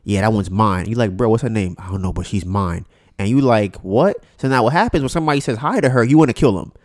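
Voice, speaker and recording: A man's voice: fairly low pitch, fast, no room sound, clean studio sound. A man hosting a podcast, telling a story in a casual monologue and acting out both sides of it. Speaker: podcast host.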